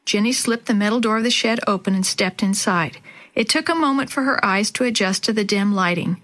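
Storyteller, female, measured and expressive, children's chapter book. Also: medium pitch. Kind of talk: scripted children's story narration.

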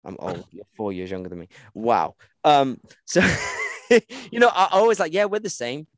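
A man's voice: fairly low pitch, huge pitch swings, unhurried, no echo. Slangy, chatty man, dry and close. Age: 30s. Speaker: podcast host. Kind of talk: casual interview chat.

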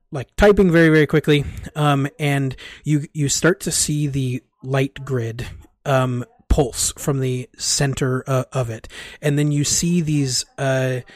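A man narrating a tabletop game as game master, halting and full of fillers. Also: mid-range voice, darkish tone, no echo, studio quality.

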